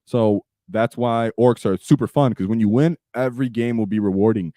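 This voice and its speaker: A man's voice: fairly low pitch, normal speed, mellow, no room sound, clean studio sound. An American man hosting a casual live stream, chatty and reading viewer comments.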